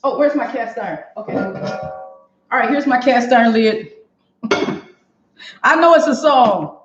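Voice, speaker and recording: A woman's voice: a little high, unhurried, over music. Chatty woman hosting a live kitchen stream. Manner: chatty, talks straight to viewers. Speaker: cooking show host. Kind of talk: casual live cooking stream chat. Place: home kitchen. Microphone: camera on a stand for a live stream. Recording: roomy, dull kitchen sound.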